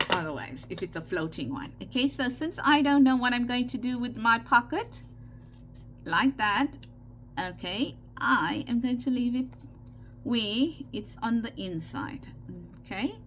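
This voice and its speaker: A woman's voice: on the high side, lively intonation, measured pace, noisy background. A woman with a South African Indian accent hosting a casual craft tutorial, chatty and given to repeating herself with frequent "okay" check-ins. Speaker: craft channel host.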